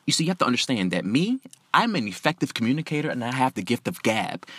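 Animated, profane male storyteller. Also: medium pitch, fast talker, breathy edge, dry recording. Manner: profane, animated, indignant and emphatic. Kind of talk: comic personal storytelling.

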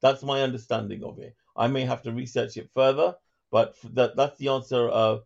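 A British man with a gravelly, creaky voice argues his side of a debate in halting, hesitant bursts. His voice comes through as dull, lo-fi call audio. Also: medium pitch, level tone, a little mellow. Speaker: caller debating the host. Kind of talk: heated live debate.

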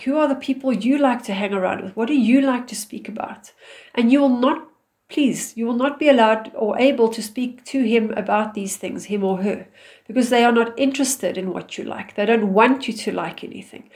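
A woman and mother giving direct relationship advice in a calm, firm, instructive manner. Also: on the high side, moderate pace.

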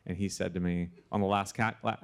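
A man speaks in a slightly low voice as he tells a story to a live audience. He is lively and chatty, trips over his own sentences, restarts them and breaks into laughter. He sounds like a sound designer sharing backstage memories. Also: a little fast, vocal fry. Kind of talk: anecdotal storytelling at a live panel. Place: live evening event before an audience.

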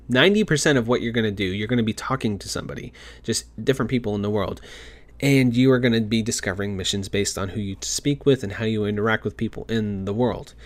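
Male gaming commentator, mid-range voice, excitable and gushing, quick with restarts. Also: medium pitch. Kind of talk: reading a game article aloud with commentary.

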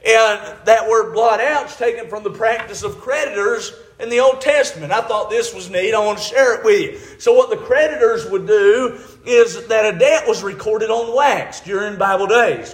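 Man, preacher, emphatic folksy sermon, high voice, echoey church. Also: normal speed. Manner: folksy, emphatic, frequent "amen" and "all right". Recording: echoey room.

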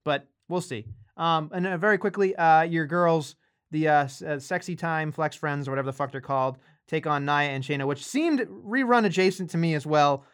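A man's voice: on the high side, moderate pace, fairly bright tone, clear, resonant tone. A man co-hosting a casual wrestling podcast, rambling along with fillers and restarts. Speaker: podcast co-host.

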